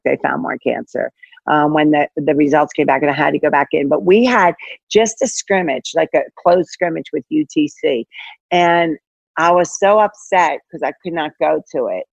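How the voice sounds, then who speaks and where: Older woman, college coach, lively storyteller, dry and slightly muffled recording. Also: low-pitched, vocal fry, slightly rough, no room sound. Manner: animated, acts out quoted dialogue, many fillers. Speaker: head basketball coach, guest. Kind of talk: casual interview storytelling.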